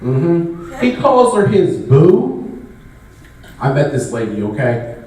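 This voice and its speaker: A man's voice: on the high side, very animated, slow pace, darkish tone, distant mic. A man doing a loose, conversational stand-up comedy set, riffing with the crowd at a live show. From Bay Area. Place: live comedy show in a large echoey venue. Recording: very echoey venue audio picked up from afar, faint noise.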